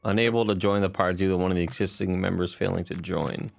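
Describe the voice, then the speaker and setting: A man's voice: low-pitched, steady tone, quick pace, gravelly, soft background music. A man hosting his game stream, chatting casually with friends and thanking viewers, self-deprecating and talkative. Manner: self-deprecating, chatty, reads chat aloud. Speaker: streamer host. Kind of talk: casual chat while gaming.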